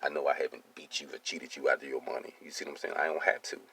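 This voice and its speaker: A man's voice: rumbling low, fairly even intonation, very fast, vocal fry, sharp tone, slight background noise. A man in his thirties, a welding business owner, tells his life story in a streetwise, casual monologue and keeps asking "you see what I'm saying.".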